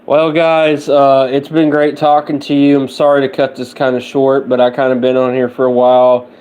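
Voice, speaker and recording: A tired man rambling through casual late-night chat as he hosts a livestream, halting and restarting his sentences. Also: medium pitch, level tone, darkish tone, clean tone, muffled recording. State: tired and sleepy. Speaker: livestream host.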